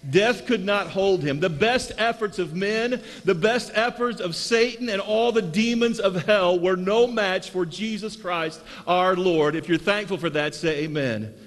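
A man's voice: high-pitched, measured pace, hardly any pauses, in a large hall. A male pastor preaching an Easter sermon who calls the congregation to say amen and repeats his key phrases for emphasis. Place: church sanctuary.

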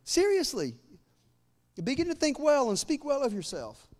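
A man in his forties preaching a sermon as pastor, joking with the congregation and building to loud, fervent declarations. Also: very high voice, huge pitch swings, moderate pace. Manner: humorous asides to the congregation.

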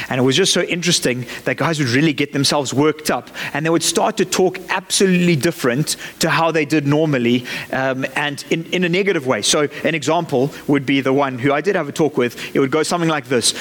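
A man's voice: fairly high pitch, a bit bright, big-room sound. A man preaching a sermon in a church, conversational and lightly joking as he talks the congregation through his points.

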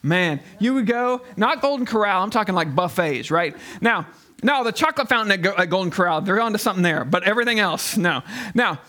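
A man preaches in a relaxed, chatty way and keeps turning to his congregation with questions. His voice sits high for a man. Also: brisk. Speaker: pastor. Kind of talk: sermon.

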